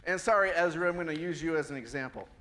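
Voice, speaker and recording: A man's voice: on the high side, fast, sharp tone. A middle-aged man preaching a sermon in a conversational way, asking the congregation questions. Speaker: pastor. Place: church before a congregation.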